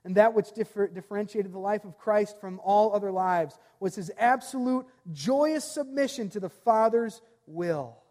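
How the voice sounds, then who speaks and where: A man pastor preaching a sermon earnestly, reading scripture aloud and letting his phrase ends fall soft. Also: high-pitched, moderate pace, few pauses, big-room sound.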